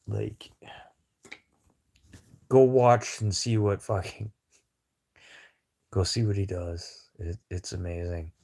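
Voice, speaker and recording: A man's voice: fairly low pitch, vocal fry, darkish tone, slightly rough. A man livestreaming a casual, rambling chat with viewers over a phone, talking in a blunt, profane way.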